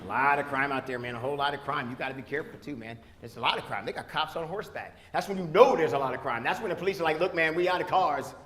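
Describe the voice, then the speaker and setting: A male stand-up comedian teasing the audience, loud, with bursts of shouting. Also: mid-range voice, rapid-fire, hardly any pauses. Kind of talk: stand-up crowd work. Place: comedy club. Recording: echoey club, crowd and noise behind. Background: audience laughter.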